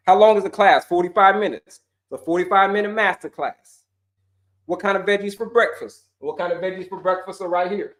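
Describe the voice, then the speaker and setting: A high-voiced man hosts a live wellness stream, answering questions from the chat. He talks in an energetic, slangy way, says his points over and over and acts out voices. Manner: animated, slangy, repeats himself, acts out viewers' voices. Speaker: wellness coach hosting a livestream.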